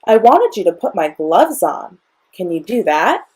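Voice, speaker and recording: A woman's voice: mid-range voice, sing-song, measured pace, darkish tone, breathy edge. A young woman voicing a flustered male doctor in a children's storybook reading, giving firm, exasperated instructions. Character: flustered grown man doctor.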